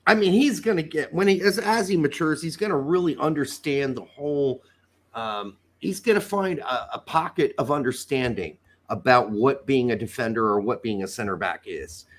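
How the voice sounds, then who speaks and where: A man's voice: medium pitch, expressive, moderate pace. A man co-hosting a soccer podcast, rambling and joking, reading listener comments aloud. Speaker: podcast co-host. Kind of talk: casual soccer chat.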